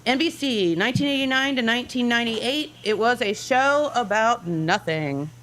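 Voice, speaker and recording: Bright-voiced woman quizzing by phone. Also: on the high side, a little hiss or hum, rough recording. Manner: upbeat, laughs often, reads clues with pauses. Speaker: guest caller. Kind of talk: casual chat, quiz reading.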